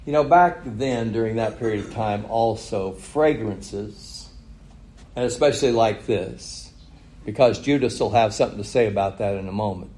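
A man's voice: lowish voice, moderate pace, dark tone, reverberant, poor audio. A man preaching a sermon, retelling a story with chuckles and rhetorical questions. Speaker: pastor.

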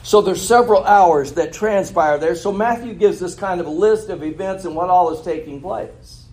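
Male preacher, a touch higher than most, reads scripture then unpacks it with rhetorical questions, casual and self-correcting. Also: moderate pace, a little mellow. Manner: laughs at his own slip and corrects himself. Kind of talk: sermon with scripture reading.

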